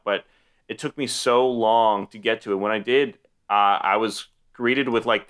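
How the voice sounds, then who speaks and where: A man co-hosting a casual podcast about films, eager and excitable, talking in bursts. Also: mid-range voice, smooth. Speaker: podcast co-host. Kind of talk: casual chat about movies.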